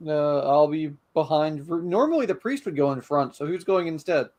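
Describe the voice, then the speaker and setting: A man playing a tabletop game, asking quick questions. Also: on the high side, a little mellow. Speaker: player.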